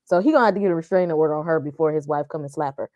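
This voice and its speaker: A woman's voice: sits low, darkish tone, no room sound, highs cut off. A woman on a casual TV review panel, blunt and slangy. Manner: blunt, slangy, fast talking.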